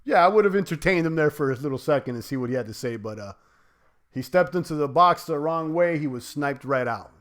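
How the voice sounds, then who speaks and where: A man hosts a casual livestream in a slightly high voice and reads out viewer comments as they come in. His talk wanders, full of fillers and restarts. He turns to playful trash talk when trolls show up. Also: animated, a little fast, fairly bright tone. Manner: loose and rambling, many fillers and restarts. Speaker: crypto livestream host.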